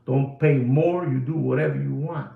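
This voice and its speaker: A man's voice: medium pitch, steady tone, normal speed, creaky, narrow, tinny audio. A man hosting a watch channel, rambling and lecturing, repeating himself for emphasis. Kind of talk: rambling video monologue. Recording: echoey room.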